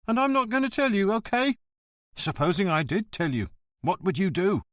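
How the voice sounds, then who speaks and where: A male narrator puts on a pompous, self-important post office director for an audiobook. The voice jumps up high and shrill and bounces around a lot. It is recorded dry and close. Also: very animated, moderate pace, dry recording.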